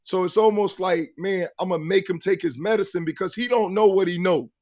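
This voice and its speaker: A male talk show host telling stories and asking questions in a lively, slangy way. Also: sits high, a little fast. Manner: animated storyteller, slangy. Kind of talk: casual sports talk show hosting.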